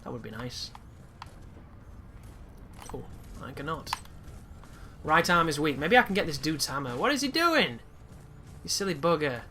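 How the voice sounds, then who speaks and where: A man's voice: a little high, normal speed, long pauses, a little hiss or hum. Chatty man commentating a game. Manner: chatty, reacting live, swears at times. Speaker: gaming commentator. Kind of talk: casual gameplay commentary. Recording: loud game music behind.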